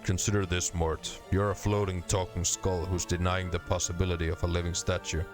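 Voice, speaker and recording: Low-voiced man reading game text. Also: level tone, a little fast, music in the background. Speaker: streamer.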